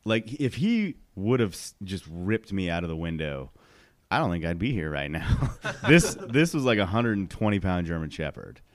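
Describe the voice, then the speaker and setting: A man's voice: deep voice, sing-song, moderate pace, a crowd in the background. A man telling a funny story in casual podcast chat, laughing often.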